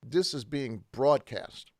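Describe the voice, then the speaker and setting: A man's voice: medium pitch, lively intonation, slow pace, no room sound. Male co-host of a faith talk, emphatic and stop-start, recorded dry and close. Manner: emphatic, repeats words and restarts. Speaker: church podcast co-host. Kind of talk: casual faith discussion.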